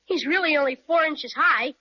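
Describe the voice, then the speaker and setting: A woman playing an eager, excitable young boy who talks boldly and exclaims often. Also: sits high, normal speed, lightly acted. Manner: bold, exclaiming, bright. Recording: muffled 1930s radio recording.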